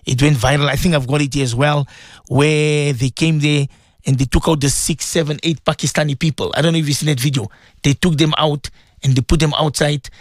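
A man hosting a live radio show, talking earnestly to his listeners, repeating himself and breaking into animated quoted voices. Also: a little high, brisk, no room sound, clean studio sound. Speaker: radio show host and religious teacher.

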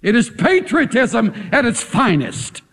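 A man's voice: very high voice, sing-song, unhurried, a bit bright, long reverb tail. A man preaching a sermon in a dramatic, emphatic way, pressing his point with rhetorical questions.

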